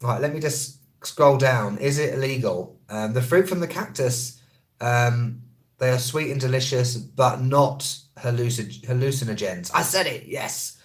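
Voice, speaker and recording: Sounding like a traveller who also teaches English, a man with a mid-range voice rattles through viewer comments on a live stream. He's quick, easygoing and chatty, tripping over words and fixing them on the fly.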